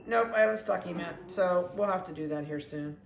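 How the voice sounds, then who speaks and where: A dog breeder chatting casually while weighing and collaring puppies, talking softly and coaxingly to them. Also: medium pitch, a little fast. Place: indoor kennel room. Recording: echoey room with faint background noise.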